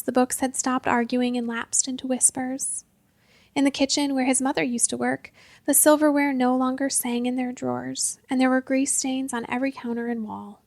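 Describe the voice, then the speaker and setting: A woman narrating a short fantasy story in a calm, even storytelling manner. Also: high voice, creaky, no echo. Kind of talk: audiobook story reading.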